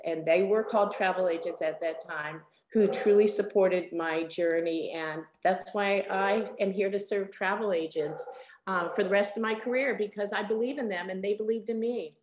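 A woman's voice: mid-range voice, normal speed, background noise. Older lady telling a career story, lots of energy, roomy echo. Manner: animated, acts out quotes. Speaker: guest. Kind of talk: storytelling interview. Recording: echoey room.

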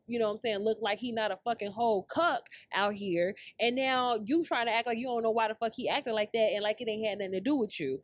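A woman's voice: on the high side, no room sound, studio quality. Blunt, profane woman ranting hotly. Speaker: podcast host. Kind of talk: casual pop-culture commentary.

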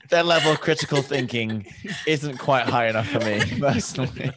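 A man's voice: mid-range voice, moderate pace, background noise. A man from Manchester with a Mancunian accent, joking and laughing often as a podcast guest in casual chat. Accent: Mancunian English. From Manchester, England. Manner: jokey, self-deprecating, laughs often.

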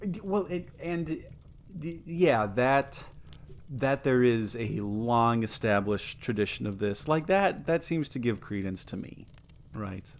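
Co-hosting a podcast, a man chats casually and rambles, thinking aloud with many restarts and filler "likes." His mid-range voice is expressive and slow.

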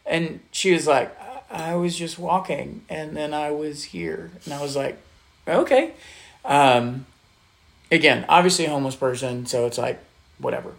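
A man's voice: fairly high pitch, normal speed, gravelly. A middle-aged man, a pastor, casually telling a story in conversation, animatedly acting out quoted voices. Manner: animated storyteller, acts out quotes, laughs often.

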